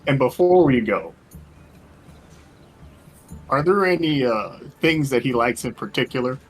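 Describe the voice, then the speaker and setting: A man's voice: medium pitch, expressive, measured pace, slight background noise. A man playing a tabletop game, partly in character, polite and laughing often. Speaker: player.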